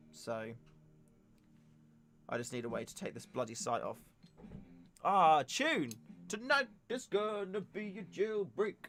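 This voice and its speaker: A young man hosting a casual livestream, chatting and joking in a rambling way. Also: mid-range voice. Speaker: livestream host. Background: faint music.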